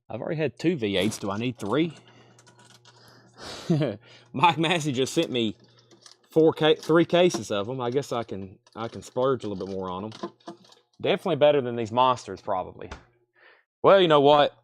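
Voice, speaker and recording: Hosting a live sale, a man rambles casually through livestream chat, poking fun at himself and chatting as he eats. His mid-range voice is expressive, at normal speed with long pauses, and he coughs with a choked throat. A little hiss or hum sits under the audio.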